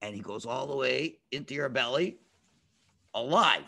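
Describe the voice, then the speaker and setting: A man teaching children through a story over a video call, animated and playful, with sound effects. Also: mid-range voice, normal speed, creaky.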